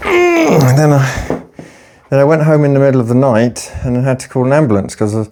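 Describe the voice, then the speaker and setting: A man's voice: mid-range voice, very fast, dark tone, slight background noise. A man telling a blunt, sweary story in a casual, unedited workout chat. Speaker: fitness vlogger.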